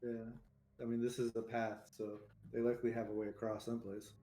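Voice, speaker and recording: A man playing in a tabletop game, offering measured, practical suggestions. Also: lowish voice, little pitch movement, warm tone, reverberant, slight background noise. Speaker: player. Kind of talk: casual tabletop game chat.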